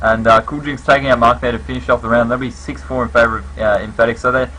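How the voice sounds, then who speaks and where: A man's voice: medium pitch, fairly even intonation, quick pace, bright, forceful tone, slight background noise, poor audio. A man giving casual live play-by-play commentary on a competitive shooter match, with lots of fillers. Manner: casual, filler-heavy, conversational. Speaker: esports commentator.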